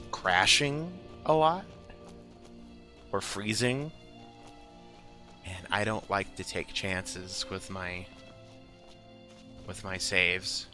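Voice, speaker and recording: A man's voice: deep voice, bright, forceful tone. A man talking casually through his own gameplay as channel host, musing aloud and often dropping to a whisper to read names. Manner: slow, musing, often drops to a whisper while reading.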